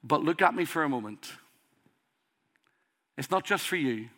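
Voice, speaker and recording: A man's voice: fairly high pitch, expressive, moderate pace, bright, forceful tone. A man with a strong accent preaching a sermon, earnest and emphatic, pressing his listeners with rhetorical questions. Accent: strong accent he calls a dialect.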